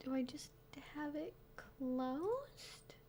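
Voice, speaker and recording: A woman's voice: high-pitched, very animated, drawn-out words, slight background noise. A young woman hosting a casual livestream Q&A, chatty with lots of fillers and sarcastic asides. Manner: soft baby talk to her dog. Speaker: streamer hosting a weekly Q&A.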